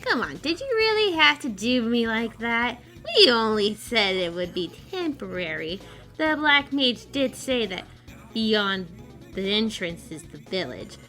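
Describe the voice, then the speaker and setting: A woman's voice: on the high side, very animated, unhurried, bright, forceful tone, soft background music, full character voice. A woman voicing a scheming male rogue in a fan audio drama, speaking in a cocky, theatrical way. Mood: smug.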